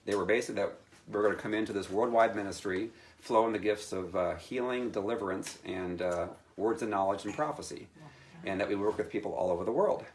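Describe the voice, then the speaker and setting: Lively storytelling man before an audience. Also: fairly low pitch, brisk, a little hiss or hum. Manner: lively storyteller acting out his own quotes, laughing often. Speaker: speaker telling his testimony. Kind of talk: animated personal story to a live audience.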